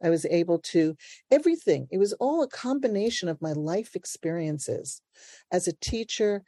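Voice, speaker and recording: Older woman with a dark, low voice. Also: moderate pace, dry recording, clean studio sound. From Brooklyn, New York. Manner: animated, laughs often, acts out voices. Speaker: playwright and actor being interviewed. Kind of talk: conversational interview.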